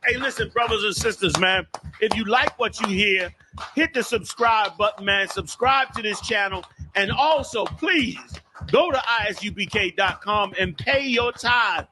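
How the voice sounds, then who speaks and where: A man with a high voice makes a brisk, direct appeal to his listeners. Clear background noise runs under his voice the whole time. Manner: brisk appeal for subscriptions and donations. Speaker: channel promoter.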